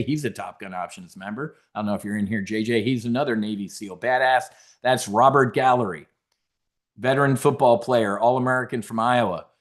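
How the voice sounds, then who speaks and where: A man hosting a trading seminar in a brash, casual way, cracking jokes, swearing, and stumbling over restarts as he talks. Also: medium pitch. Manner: brash, animated, swearing, jokey asides. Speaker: options trading host.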